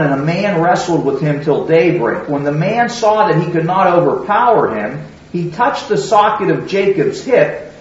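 A man preaching a sermon in a conversational, teaching way, often putting questions to his listeners. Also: high voice. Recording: very echoey hall, distant mic, dull sound.

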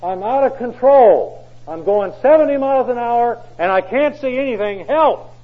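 Guy putting on a trucker in full panic, yelling way up high, dull lo-fi sound. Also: lively intonation, moderate pace. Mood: panicked. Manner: frantic, shouting. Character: panicked male trucker screaming for help.

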